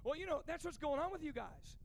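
A man's voice: extremely high pitch, animated, quick pace, vocal fry. A man preaching an urgent sermon to teenagers at a youth camp, stumbling and repeating words as he pushes on. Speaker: pastor. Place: large hall at a youth camp. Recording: reverberant hall.

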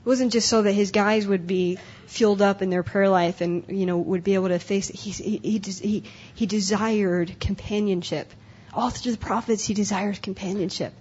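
A woman's voice: mid-range voice, fairly even intonation, normal speed, hardly any pauses, darkish tone, husky. A young adult woman speaking at a conference breakout session, earnest and emotional, often repeating herself. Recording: dull lo-fi live recording.

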